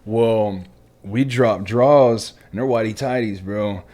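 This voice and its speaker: A military veteran hosts a podcast, telling stories in casual chat with a fairly low voice at a slow pace. He swears freely, laughs often and drops to a hushed voice for asides.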